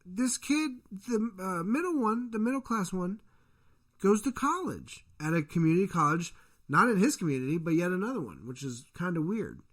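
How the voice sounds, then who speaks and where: A man's voice: high-pitched, very animated, moderate pace, a bit bright. A man who is a father, co-hosting a casual podcast, telling a story in a rambling, profane way and acting out the people in it. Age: adult parent. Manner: profane, rambling storyteller, acts out quoted voices. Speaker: podcast co-host.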